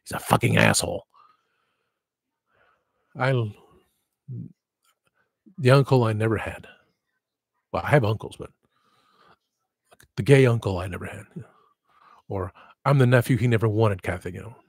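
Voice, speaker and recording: A man's voice: on the low side, moderate pace, long pauses, darkish tone, breathy edge, dry recording, clean studio sound. A man hosting his own livestream podcast, talking frankly in a loose, rambling way and swearing freely. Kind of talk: casual rambling livestream chat.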